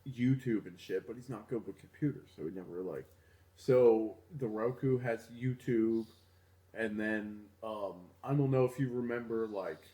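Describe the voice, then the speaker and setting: A man's voice: on the low side, normal speed, mellow. Laid-back young man in an echoey room. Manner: laid-back, filler-heavy, chatty. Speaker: podcast co-host. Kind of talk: casual chat. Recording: roomy echo.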